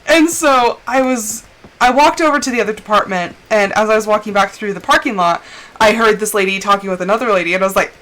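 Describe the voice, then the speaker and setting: A woman's voice: mid-range voice, quick pace, fairly bright tone. A young woman streaming a game, chatting and telling stories casually and laughing often. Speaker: live streamer. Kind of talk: casual chat while gaming. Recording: background noise.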